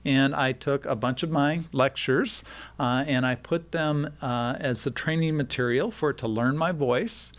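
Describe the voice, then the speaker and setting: A man's voice: medium pitch, measured pace. A man who lectures, appearing as a guest on a radio interview and explaining technology with frequent uh and um fillers. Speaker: guest expert on deepfakes.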